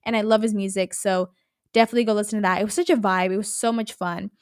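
A woman hosting her own podcast, talking casually in an animated, rambling way and swearing a lot. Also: mid-range voice, fast talker, clean tone, no room sound, clean studio sound. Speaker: podcast host. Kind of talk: casual solo podcast chat.

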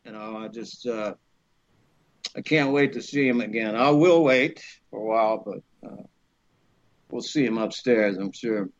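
A middle-aged man, an actor guest, telling lively anecdotes in casual conversation, acting out the voices of the people he quotes and laughing often. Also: on the low side, a little slow, long pauses. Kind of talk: casual storytelling interview. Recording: dull lo-fi podcast audio.

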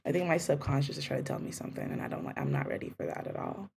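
A woman's voice: low-pitched, huge pitch swings, very fast, creaky, a crowd in the background. A young woman co-hosting a podcast in casual chat, her voice congested from a cold, joking and slangy. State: congested, sick voice. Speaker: podcast co-host.

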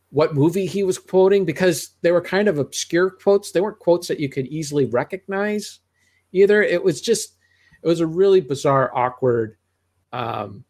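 A man's voice: fairly high pitch, a little mellow. Rambling middle-aged man reviewing movies. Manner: rambling, with frequent restarts and asides. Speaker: podcast co-host reviewing movies. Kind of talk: casual movie-review chat.

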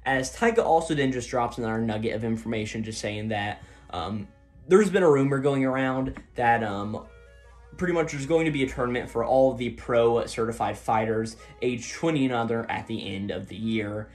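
A man's voice: mid-range voice, moderate pace, darkish tone, soft background music. Man rambling through a casual recap. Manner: rambling and filler-heavy, retelling scenes with loose paraphrased quotes. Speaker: manga discussion host.

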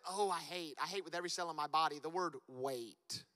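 Male pastor, high and very bright voice, preaching in a hall with a long reverb. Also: brisk, few pauses. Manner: animated, building to loud emphatic peaks. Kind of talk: sermon.

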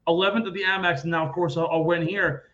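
A man hosting a casual sports podcast, talking in an animated, rambling way and acting out quoted people loudly. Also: a little high, fast, muffled recording. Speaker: podcast host.

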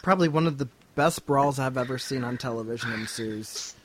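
A man's voice: medium pitch, fairly quick, a bit bright, slight background noise. A man co-hosting a podcast, giving wry, laid-back commentary in casual chat. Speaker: podcast co-host.

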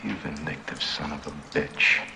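A man's voice: rumbling low, moderate pace, creaky. An actor playing an ambitious, spiteful male executive in film dialogue, urgent and bitter. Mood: furious. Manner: urgent, pleading then bitter. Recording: film audio with ambient noise.

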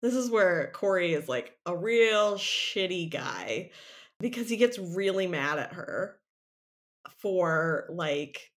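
Slow and lowish-voiced, this woman co-hosts a podcast, casually running through a TV episode in animated fashion, laughing often and leaning heavily on "like".

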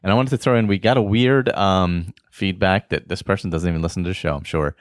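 A man hosting a casual podcast, reading out listener shout-outs in a relaxed, rambling way with many fillers. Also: low voice, quick pace, no echo, clean studio sound. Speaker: podcast host.

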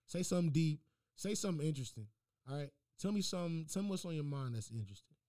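A man's voice: fairly high pitch, lively intonation, quick pace, no room sound, clean studio sound. A young man hosting a podcast, profane and teasing, often laughing. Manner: profane, joking, loud teasing. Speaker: podcast host. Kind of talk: casual chat.

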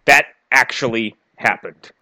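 A man's voice: mid-range voice, a little slow, creaky, pushed and bright, dry recording. A man co-hosting a casual podcast who rants sarcastically and with exasperation about a bad movie. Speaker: podcast co-host. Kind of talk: casual movie-riffing chat.

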